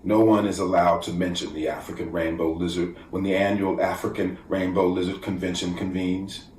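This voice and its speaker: A man reading his own poetry at a measured, deliberate pace, sometimes sinking to a near whisper. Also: deep voice, flat delivery, darkish tone. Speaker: poet. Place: room at home, virtual festival. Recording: echoey room, distant from mic, faint background noise.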